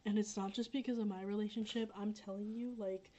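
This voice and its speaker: A young woman talking casually on a livestream, her pitch sitting in an ordinary middle range. She rambles, fills pauses with "um" and "like," and says things again and again. The sound is a little dull and lo-fi. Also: fairly even intonation, warm tone, a little hiss or hum. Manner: rambling, filler-heavy, repeats herself. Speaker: livestreaming creator. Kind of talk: casual livestream chat reading comments.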